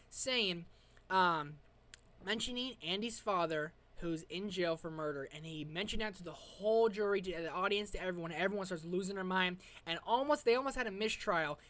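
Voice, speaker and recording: A woman giving a casual, slangy episode review as a vlogger, excitable and rambling. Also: medium pitch.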